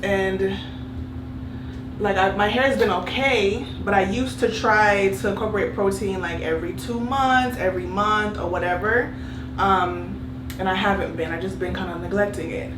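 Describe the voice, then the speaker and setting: A woman chatting casually through her hair-washing routine as a vlogger, candid and relaxed. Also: medium pitch, moderate pace, reverberant, noisy background. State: out of breath. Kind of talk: casual vlog talk. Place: bathroom shower.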